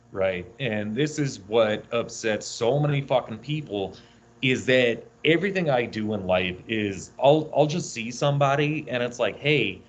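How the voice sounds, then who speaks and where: A man co-hosting a casual podcast, rambling through tangents and swearing freely. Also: mid-range voice. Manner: rambling, profane, tangent-prone. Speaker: podcast co-host. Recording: dull lo-fi audio.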